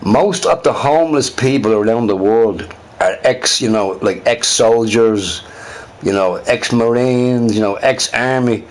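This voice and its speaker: A man's voice: medium pitch, unhurried. Man ranting emphatically on a livestream. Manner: emphatic, repeats his points; talks to chat viewers directly. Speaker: livestream host. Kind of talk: casual livestream rant.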